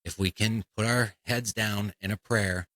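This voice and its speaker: A man's voice: fairly low pitch, steady tone, unhurried, poor audio. A man hosting a comedy podcast, ranting in a blunt, profane, fired-up way. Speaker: podcast host.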